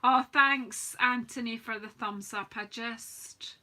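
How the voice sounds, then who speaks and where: A woman's voice: on the high side, fairly even intonation, takes it slowly, pushed and bright. A middle-aged woman hosting a live cardmaking demonstration, chatting and poking fun at herself while greeting viewers. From United Kingdom. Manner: chatty and self-mocking, greets viewers from the comments. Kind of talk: live crafting demonstration, casual chat.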